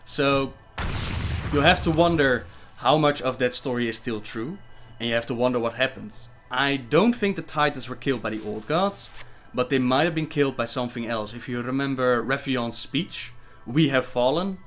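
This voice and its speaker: A man on a casual livestream who reads viewer questions aloud and answers them in a chatty, relaxed way. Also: medium pitch, moderate pace, soft background music. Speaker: gaming lore livestreamer.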